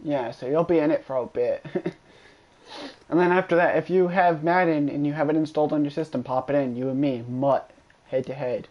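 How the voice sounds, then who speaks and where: A man streaming a video game chats casually and trash-talks a friend, excitable and swearing a lot. His voice is a little high and brisk, and the recording has its highs cut off.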